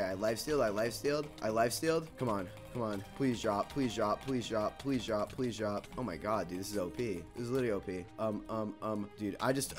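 A man's voice: medium pitch, fairly bright tone. A young man giving frustrated, swearing commentary over his own gameplay and repeating himself a lot. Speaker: gaming video creator.

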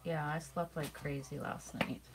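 Middle-aged lady chatting thru a live craft demo, kinda low voice, hiss in the background. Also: unhurried. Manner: chatty and relaxed, with frequent yawns. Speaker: crafting livestream host. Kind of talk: casual livestream craft demo, chatting with viewers. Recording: steady background noise.

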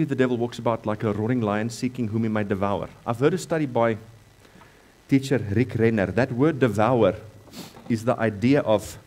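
A South African man delivers a sermon in a church with a mid-range voice. He repeats his key lines for emphasis and moves between loud, rising passages and quieter, lower ones. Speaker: pastor.

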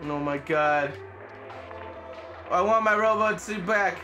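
A playful gamer talks through a run at a slow, drawn-out pace, yelling at enemies and cursing freely. Game music plays clearly underneath the voice. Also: medium pitch. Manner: excitable, playful, swears freely. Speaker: let's play gamer. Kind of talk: casual gameplay commentary.

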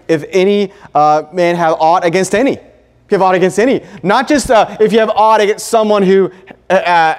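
A man preaching a sermon in a church, earnest and emphatic, repeating points and pausing often. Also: high voice, long reverb tail. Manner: earnest, emphatic, with pauses and repetition. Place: church sanctuary.

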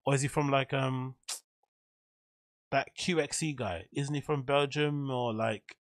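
A man talks over a clip in loose, sarcastic commentary, swearing often and wandering between thoughts. His voice sits at an ordinary middle pitch. The sound is close and dry, with no room around it. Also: a little slow, dry recording. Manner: swears freely, rambling and joking. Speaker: reaction video host. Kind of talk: casual reaction commentary.

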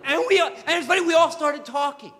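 A man addresses an assembly as guest speaker, telling a story with animated energy and frequent restarts. His voice sits high and bright. The sound carries a long reverb from the hall. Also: brisk, some chatter behind, a little hiss or hum. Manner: animated, repeats words when starting sentences.

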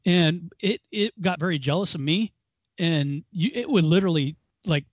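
A man co-hosting a casual Bible study discussion, telling stories in an animated way with frequent chuckles. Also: a little high, normal speed, no room sound. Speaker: co-host. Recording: dull lo-fi, dry.

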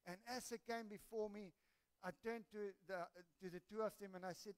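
A man preaching with a high, smooth and clear voice. He tells stories in an animated, halting way, restarting his sentences often as he moves through the sermon. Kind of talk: sermon with storytelling.

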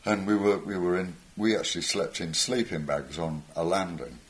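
A man's voice: deep voice, normal speed. An older man, a musician guest on stage, telling rambling anecdotes with chuckles and acted-out voices. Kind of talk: anecdotal storytelling.

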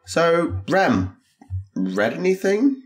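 A man co-hosting a podcast, explaining things in a measured, hesitant way in casual chat. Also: fairly high pitch, very animated. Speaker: podcast co-host.

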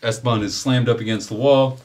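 A man running a tabletop game as game master, narrating the scene with lively energy and frequent fillers. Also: mid-range voice, a little fast, background noise. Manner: energetic, descriptive, many fillers.

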